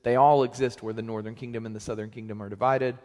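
A young man preaching a sermon as pastor, in a conversational, joking manner with lively swings in pitch and loudness. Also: fast talker. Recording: long hall reverb.

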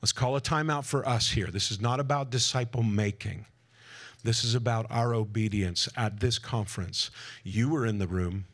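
A man giving an energetic preaching talk to a conference audience, with jokey asides and questions thrown to the crowd. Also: fairly low pitch, moderate pace. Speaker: conference speaker. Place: conference hall before a live audience.

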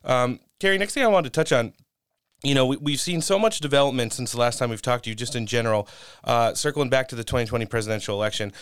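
A young man hosts a political interview in a loose, rambling way, full of fillers. His voice is smooth and resonant, recorded close and dry with no room sound. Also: mid-range voice, fast, no room sound. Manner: casual, rambling, many fillers. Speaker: interview host.

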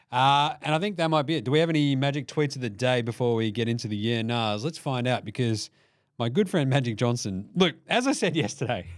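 Animated, profane man. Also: fairly high pitch, no echo, clean studio sound. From Australia. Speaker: podcast host. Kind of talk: solo sports podcast rant.

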